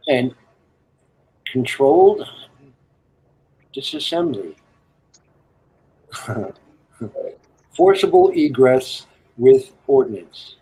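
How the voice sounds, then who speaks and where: Husky man telling crude jokes. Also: mid-range voice, expressive, extremely slow, pauses often, dark tone, poor audio. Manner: crude joke-teller, rambling, laughs at own lines. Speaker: guest telling war stories and jokes. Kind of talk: casual storytelling on a live stream.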